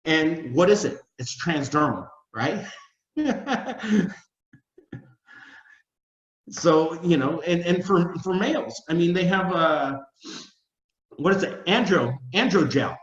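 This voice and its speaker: A man's voice: on the high side, expressive, slow pace, long pauses. A man on a video call talking in a rambling, emotional way and repeating his words, full of restarts. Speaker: company spokesman. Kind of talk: casual video-call talk. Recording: roomy dull video-call audio.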